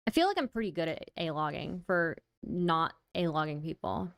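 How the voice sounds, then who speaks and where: Clear-voiced tired woman streamer. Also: lowish voice, animated, normal speed, no room sound, studio quality. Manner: wry, tired, laughs at her own jokes; reads out and thanks viewer donations. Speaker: livestream host. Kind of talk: casual stream chat.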